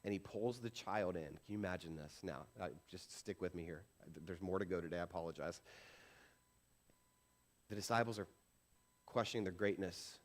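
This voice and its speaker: A man's voice: low-pitched, normal speed, pauses often. A man preaching a sermon as pastor, conversational and self-deprecating, with frequent rhetorical questions. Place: church sanctuary.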